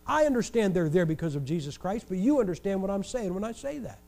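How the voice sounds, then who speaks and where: An older man from Ohio preaches in a noticeably high voice. He tells his stories with animated energy and lands jokes with dry, wry sarcasm. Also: quick pace, gravelly. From Ohio, USA. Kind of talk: storytelling sermon.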